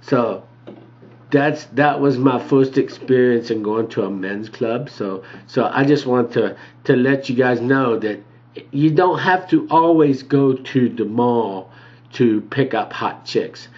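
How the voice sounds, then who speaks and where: Guy rambling a comic story, braggy, mid-pitched, muffled lo-fi video. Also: slow. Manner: brags, calls himself by name in third person. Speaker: comedic character monologuist. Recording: dull lo-fi video recording.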